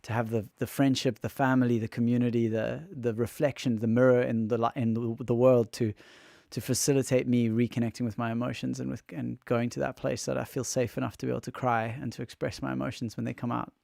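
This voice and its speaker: A livestreamer and musician chats openly on a casual stream, exhausted and emotional, his throat raw as he rambles and restarts sentences. His mid-range voice is fast, creaky and darkish with little pitch movement, captured dry with clean studio sound.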